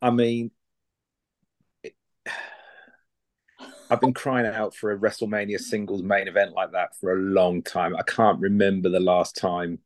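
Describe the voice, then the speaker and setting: A man's voice: sits low, little pitch movement, measured pace, pauses often, no room sound. A man as a guest on a wrestling podcast, rambling and restarting his sentences as he gives his view. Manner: rambling, stumbles over restarts. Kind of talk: casual review chat.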